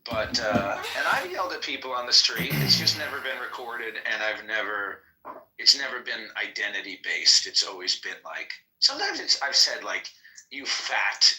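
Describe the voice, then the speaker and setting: Bright, tense-voiced man; rambling, profane panelist in a casual talk. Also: mid-range voice, low-quality recording. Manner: rambling, profane, fast and animated. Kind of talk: casual heated group chat.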